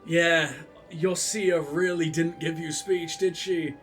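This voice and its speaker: A man's voice: on the high side, fairly even intonation, slow pace, fairly bright tone, faint music behind. A young man giving sarcastic, profane commentary while playing a game, mocking the characters. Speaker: let's play gamer.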